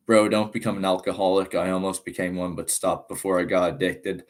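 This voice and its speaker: A man's voice: deep voice, flat delivery, moderate pace. A nineteen-year-old man from Ireland with an American-sounding accent, chatting casually on a live stream, reading chat aloud and rambling with lots of fillers. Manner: laid-back, rambling, reads chat aloud, frequent laughs and fillers.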